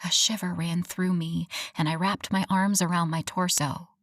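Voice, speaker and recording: A woman narrating a first-person romance audiobook in an expressive, wry storytelling manner. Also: lowish voice, normal speed, no echo.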